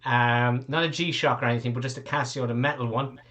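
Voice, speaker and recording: A man's voice: medium pitch, steady tone, fairly quick, a bit bright. A man narrating as game master, rambling with lots of fillers. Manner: rambling storyteller, many fillers.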